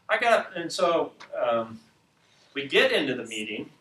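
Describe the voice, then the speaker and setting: A man hosting a ministry show, telling a story in an animated, excitable way and acting out the scenes. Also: mid-range voice, moderate pace. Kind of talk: storytelling teaching talk. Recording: echoey room, distant mic.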